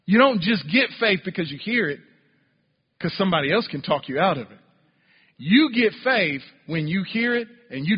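A man preaches in a church with a high, husky voice, pressing his points with emphatic rhetorical questions. The recording is dull and muffled, and his voice trails off into a long reverb from the hall. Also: lively intonation, unhurried. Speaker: pastor. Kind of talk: sermon.

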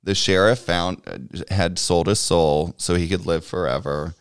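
This man has a low, smooth voice and speaks unhurriedly, recorded in studio quality with no room sound. He recaps a movie casually and meanders along, swearing freely and chuckling.

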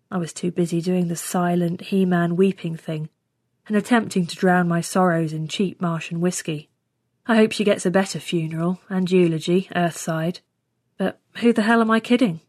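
A woman's voice: fairly low pitch, fairly even intonation, normal speed, darkish tone, no room sound, clean studio sound. A woman reading a science fiction story aloud in the first person with a wry tone. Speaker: story reader. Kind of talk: scripted narration.

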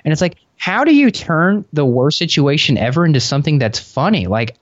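A man who is a podcast guest, telling long, reflective stories in an earnest, relaxed conversational way over a remote call. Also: fairly high pitch, a little fast, no echo, dull audio.

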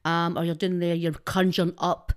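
A woman with a Glaswegian accent, a guest in a casual chat, telling stories in a rapid, sweary, self-mocking way. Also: on the low side, little pitch movement, clear, resonant tone. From Glasgow's East End, Scotland. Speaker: guest, social media personality.

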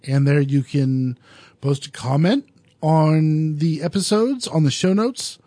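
A man hosting a horror-film podcast talks through his review in an earnest, wandering way. His voice sits a little high for a man yet sounds mellow and soft-edged. He takes his time over every thought, and the recording is close and dry. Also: dry recording. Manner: earnest, digressive, unhurried. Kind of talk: casual solo podcast review.

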